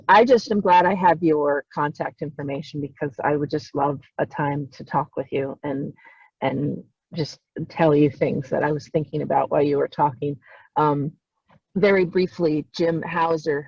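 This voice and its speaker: A woman volunteer genealogist speaks on a video call in a low, husky, darkish voice, with no room sound and dull, dry audio. Choked up and crying, she gushes and repeats herself in emotional participant remarks.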